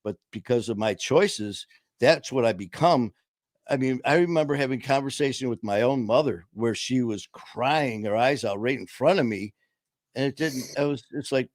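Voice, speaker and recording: A middle-aged man co-hosting a podcast, talking candidly and earnestly about recovery, mocking himself with quick acted-out quotes. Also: medium pitch, dry recording. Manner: earnest, self-mocking, acts out his past self in quotes. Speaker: podcast co-host.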